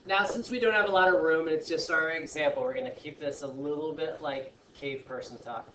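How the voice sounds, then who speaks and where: A man teaching a science class, talking in a chatty, joking way with animated asides to his students. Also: a little high, a little fast, slight background noise. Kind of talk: classroom lesson. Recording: echoey classroom from far off.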